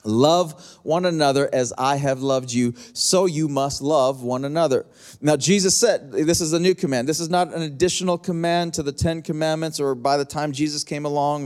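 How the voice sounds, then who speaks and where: A middle-aged man preaching a sermon as pastor, in a conversational, repetitive style that slows down to stretch key lines. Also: fairly high pitch, darkish tone.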